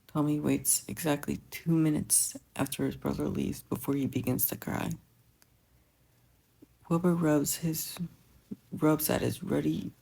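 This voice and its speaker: A fan fiction reader narrates in a quiet, gentle way. The pace is slow, and the voice is mellow with a gravelly texture. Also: mid-range voice, poor audio. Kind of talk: audiobook narration.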